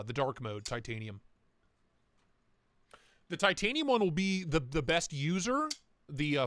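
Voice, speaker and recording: A man's voice: fairly high pitch, a bit bright, clean tone, no echo. A young man hosting a casual livestream, chatting loosely with his viewers, swearing freely and reading their comments aloud. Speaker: livestream host.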